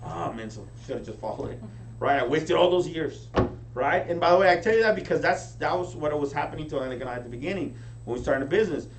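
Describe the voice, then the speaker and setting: A man giving a high-energy motivational training talk to a live audience, often checking in with them. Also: quick pace. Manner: energetic, keeps asking the crowd "right?". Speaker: business team leader training recruits. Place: meeting room with an audience. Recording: echoey room, distant mic, faint hum.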